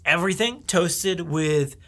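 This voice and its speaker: A man co-hosting a podcast in casual chat, animated and swearing, often jumping into high put-on voices for bits. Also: unhurried. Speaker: podcast co-host.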